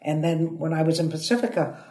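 A woman, a comedian telling stories in an interview with a chatty, lively manner that swoops up for emphasis. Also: low-pitched, brisk. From United States (Ohio). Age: 80s. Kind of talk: animated interview storytelling. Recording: echoey room.

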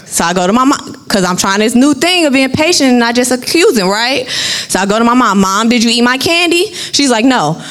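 Animated young woman minister telling a story. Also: fairly high pitch, fairly quick. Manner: animated, chatty, acts out voices of family. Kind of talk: testimony storytelling.

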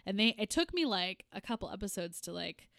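A woman's voice: medium pitch, sing-song, a little fast, creaky, fairly bright tone, dry recording, clean studio sound. A young woman co-hosting a podcast, talking in a rambling, casual way with many fillers and laughs. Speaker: podcast co-host. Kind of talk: casual chat.

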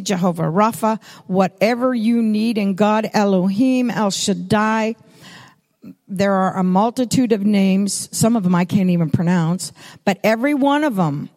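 Older female preacher, unhurried storytelling sermon, long hall reverb. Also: medium pitch, darkish tone. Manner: storytelling, repetitive emphatic phrasing.

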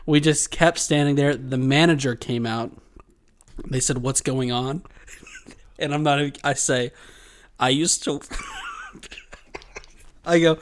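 Rambling, laughing man telling stories. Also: on the high side. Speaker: podcast co-host. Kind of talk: casual chat, telling a dream story.

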